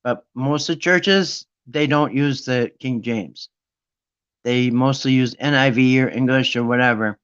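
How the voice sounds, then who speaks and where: A man's voice: medium pitch, unhurried, a bit bright, clean tone, dull audio. A man hosting a Bible study talk, ranting with sarcasm in a rambling, casual monologue.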